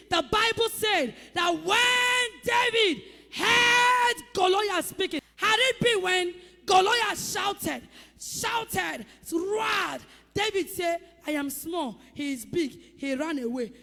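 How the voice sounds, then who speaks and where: A woman's voice: extremely high pitch, pushed and bright, long reverb tail. A woman pastor preaching a sermon with emphatic calls, rhetorical questions to the congregation and acted-out sound effects.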